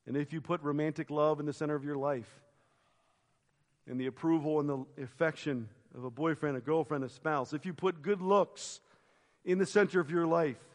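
A man preaching a sermon as pastor, retelling a story with expressive quoted voices and quiet reflective turns. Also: fairly high pitch, big-room sound. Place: church sanctuary.

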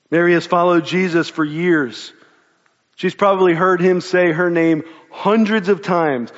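A man's voice: on the high side, in a large hall, lo-fi sound. A man preaching a sermon, retelling a scripture story in a conversational, storytelling way. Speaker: pastor.

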